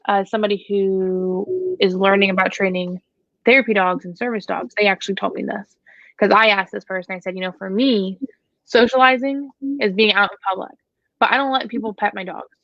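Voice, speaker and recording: A woman's voice: medium pitch, steady tone, fairly quick, dry recording. A woman dog trainer hosting a casual Q&A chat, talking in a frank, blunt, joking way. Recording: dry, dull lo-fi sound.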